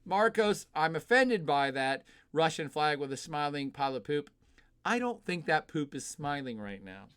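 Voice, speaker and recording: A man hosts a live stream, reading viewer questions aloud and answering them in a blunt, opinionated, off-the-cuff way. His voice sits a little high and comes through smooth and clear. He fills his pauses with frequent filler sounds and swears freely. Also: big pitch swings, fairly bright tone. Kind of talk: casual live-stream commentary.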